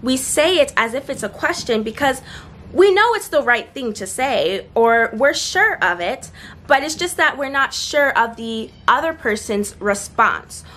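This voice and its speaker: In a casual outdoor vlog with seagulls around, a young woman offers speaking tips in a high-pitched, expressive, slightly bright voice. Earnest and encouraging, she slows down to stress her points about confidence.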